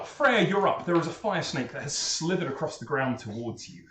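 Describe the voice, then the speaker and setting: A man narrating as game master, playful and animated, jumping up in pitch for emphasis. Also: moderate pace. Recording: echoey room mic with faint noise.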